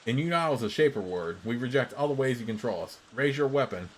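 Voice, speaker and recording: A cold, unafraid rebel warrior woman from a fantasy game, speaking with calm defiance as a man reads her lines aloud. The delivery sits in a plain middle pitch, with a faint hiss of noise underneath. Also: fast talker, natural voice, poor audio. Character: defiant rebel female survivor soldier.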